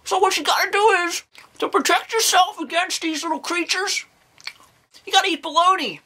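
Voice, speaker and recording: An eccentric, creepy old nun who talks in a very high, piercing voice, put on by a woman. She rambles in a folksy way and keeps breaking into exclamations as she reviews a horror movie in a comedy sketch. Her tone is bright and sharp. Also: normal speed, rough recording. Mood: rambling. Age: older. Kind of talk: comedic character monologue.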